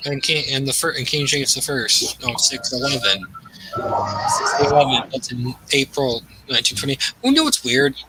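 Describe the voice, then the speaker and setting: A man hosting a gaming channel, chatting casually and excitably, thinking aloud with lots of fillers. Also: medium pitch, moderate pace, noisy background. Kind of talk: casual chat while gaming.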